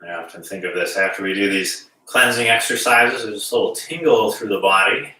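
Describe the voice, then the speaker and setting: A man teaching a gentle qigong class, calmly guiding breaths and movements. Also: fairly low pitch, a little fast. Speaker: qigong instructor. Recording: very echoey room, distant mic.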